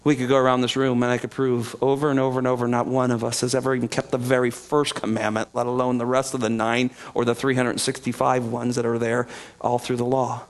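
A man preaching a sermon to his congregation, animated, acting out voices and chuckling now and then. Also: medium pitch, fast. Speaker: pastor. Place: church sanctuary.

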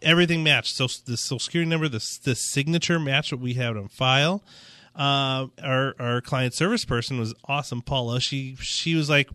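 A man in a radio studio telling a story as a guest from a financial firm, halting and restarting often. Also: medium pitch, sharp tone, no room sound. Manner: anecdotal, halting, many restarts. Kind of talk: casual radio talk.

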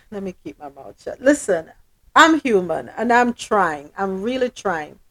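A woman's voice: medium pitch, sing-song, measured pace, a bit bright. A woman hosting a casual talk show, venting her frustration, apologizing to her listeners and speaking emphatically. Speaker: podcast host.

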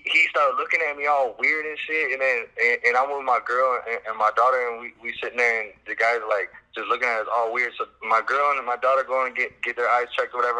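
A man from Chicago tells his story in a loose, rambling way, packing it with fillers and curses. His voice comes through very bright and sharp. It sounds like a tinny phone line. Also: medium pitch. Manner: loose, laid-back, heavy on fillers and swearing. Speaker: musician guest. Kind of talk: casual storytelling interview.

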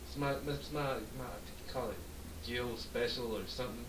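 A podcast co-host with a mid-range voice talks briskly, telling a long, profane story during a drunk storytelling chat. He's animated and acts out the quoted dialogue, recorded in an echoey room with a distant mic and faint hiss.

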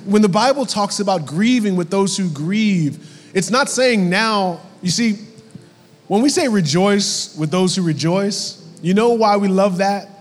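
Animated male preacher in a reverberant hall. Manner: animated preacher acting out quotes, dropping low and soft for somber moments. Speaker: pastor. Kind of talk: sermon. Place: church sanctuary.

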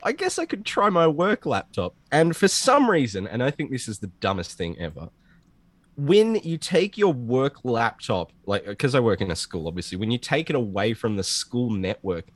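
A man co-hosting a podcast, telling a story in casual chat with lots of swearing and an animated delivery. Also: medium pitch, moderate pace, no room sound. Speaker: podcast co-host. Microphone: home computer setup over a call.

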